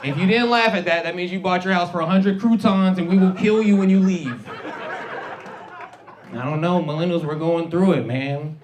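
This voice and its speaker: Guy in his 30s doing stand-up, kinda high voice, animated, jumps into silly voices. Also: moderate pace, a faint crowd, slight background noise. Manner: animated, swings into put-on voices. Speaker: stand-up comedian. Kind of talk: stand-up comedy set. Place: comedy club stage with audience.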